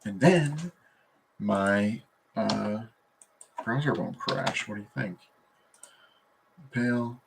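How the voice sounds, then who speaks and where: Low-voiced man rambling at his computer. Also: expressive, slow, creaky, long pauses, noisy background. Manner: meandering, full of fillers and trailing thoughts. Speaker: vlogger. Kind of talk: rambling solo livestream talk.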